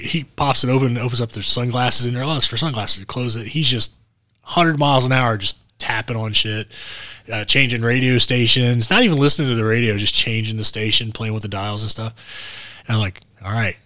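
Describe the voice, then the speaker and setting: A man's voice: on the low side, no room sound, studio quality. A man co-hosting a podcast, telling a casual road story and acting out what other people said. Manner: animated, acts out quotes of others. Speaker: podcast co-host.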